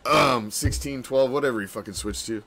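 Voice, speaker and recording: A man hosting a postgame fan reaction show, ranting with constant swearing, laughing often and swinging between yelling and muttering, in a home studio room. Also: mid-range voice, moderate pace, vocal fry. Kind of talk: profane postgame rant.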